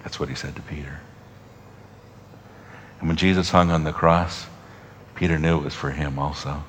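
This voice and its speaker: A man preaching a sermon to a congregation, moving from strong, raised passages down to soft, almost whispered lines with long pauses. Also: rumbling low, fairly even intonation, slight background noise. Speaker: pastor.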